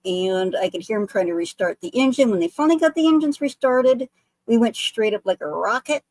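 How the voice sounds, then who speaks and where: A woman's voice: fairly high pitch, lively intonation, brisk, darkish tone, no room sound, poor audio. A woman guest, a psychic medium, telling stories in an earnest, eager and giggly way. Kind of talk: casual storytelling chat.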